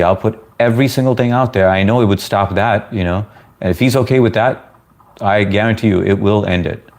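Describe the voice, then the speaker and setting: A man's voice: lowish voice, a little mellow. A man from the US chatting casually with viewers on a livestream, laid-back and talkative. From United States. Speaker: live streamer answering chat.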